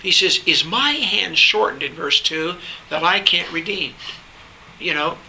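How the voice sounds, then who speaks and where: A man's voice: high voice, a little slow, vocal fry, bright, forceful tone, slight background noise, poor audio. A man teaching a Bible class, reading scripture aloud and then explaining it in loose asides, often checking in with the class. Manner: checks in with the class by asking "all right?".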